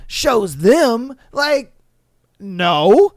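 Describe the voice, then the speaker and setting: An animated male podcast host reads listener stories and then riffs on them, swearing freely and jumping into little acted-out voices. His voice is smooth and clean, recorded close on a dry mic. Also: sits high, measured pace, no echo. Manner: animated, profane, acts out bits in funny voices. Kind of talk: reading and reacting to stories.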